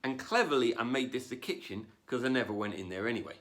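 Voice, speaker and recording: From home, with no audience, a man performs a stand-up comedy set in a wry, self-deprecating style, slipping into put-on voices. He speaks fast in a mid-range voice with a fairly bright tone.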